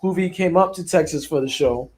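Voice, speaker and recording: A man's voice: fairly high pitch, brisk, darkish tone. A male podcast host in a casual interview, talking loosely and repeating himself while he steers the conversation.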